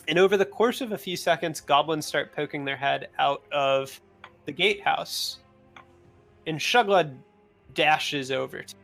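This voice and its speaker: A man narrating a tabletop role-playing game as game master, talking in a relaxed, loose way with fillers. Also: a little high, creaky.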